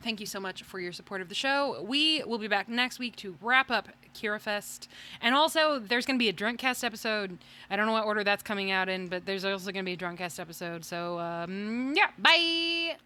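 A woman's voice: mid-range voice, brisk, sharp tone. A woman hosting a podcast, chatting casually and laughing as she makes announcements and reads out thank-yous. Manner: chatty, laughing, self-deprecating. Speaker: podcast host.

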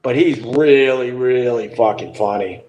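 A man's voice: mid-range voice, measured pace, darkish tone, muffled recording. A middle-aged man hosting a podcast, telling a story in a loose, profane way. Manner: loose and profane, with frequent restarts and laughter. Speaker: podcast host. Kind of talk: casual storytelling.

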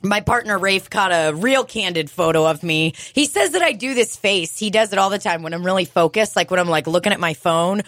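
A woman co-hosting a podcast, telling animated stories in casual chat, swearing and laughing often. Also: medium pitch, fairly quick, hardly any pauses, no echo. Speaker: podcast co-host.

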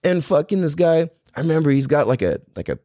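Man, 30s, from San Diego; casual profane storyteller, very animated delivery. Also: quick pace, no room sound, clean studio sound. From San Diego, California. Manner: profane, animated, acts out quotes in a louder higher voice.

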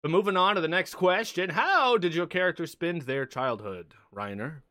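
A man's voice: a little high, lively intonation, normal speed, bright, forceful tone, no echo. A man hosting a tabletop game session, talking loosely and swearing casually between questions. His voice rises and falls a lot as he talks. The sound is dry and close. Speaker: game master. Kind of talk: casual streamed game chat.

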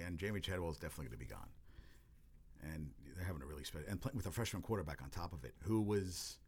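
Guy with a lowish voice rambling about football, swears a lot, keeps restarting his sentences. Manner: rambling, profane, with frequent restarts and exclamations. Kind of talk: casual sports talk.

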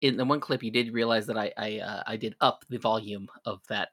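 A man's voice: fairly low pitch, fairly even intonation, brisk, fairly bright tone, no echo. A man co-hosting a casual podcast chat, teasing and insistent, laughing often. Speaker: podcast co-host.

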